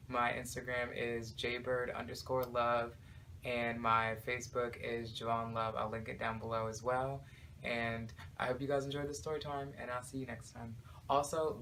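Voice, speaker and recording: A young man vlogging, telling a personal story in a casual, animated way, full of "like" fillers. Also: mid-range voice, a little hiss or hum.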